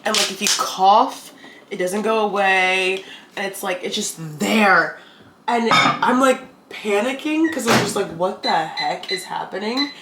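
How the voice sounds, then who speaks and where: A woman's voice: medium pitch, a little slow. A young woman vlogging casually, talking in a rambling way full of fillers. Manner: rambling, filler-heavy, animated talk. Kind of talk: casual chat. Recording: echoey room with loud background hum.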